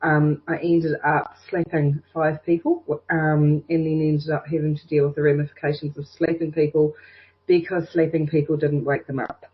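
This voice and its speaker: A woman's voice: sits low, little pitch movement, normal speed. A woman giving an intuitive reading over a video call, effusive and encouraging, heaping praise on the caller. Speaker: intuitive reader. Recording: muffled lo-fi video call audio.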